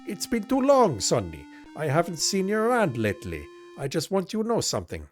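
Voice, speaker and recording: A brassy barfly woman, coquettish and drawn out, her lively voice swooping high with every teasing line, as a man puts her on. She purrs and sings her words in a video game. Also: a little fast, faint music behind. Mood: flirty.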